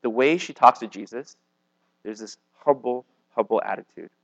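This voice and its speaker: A man's voice: mid-range voice, normal speed, creaky, muffled recording. A man, likely a youth pastor, preaching a casual sermon to a young live audience in a conversational way, with lots of "like" and "okay?". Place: meeting room with a live audience.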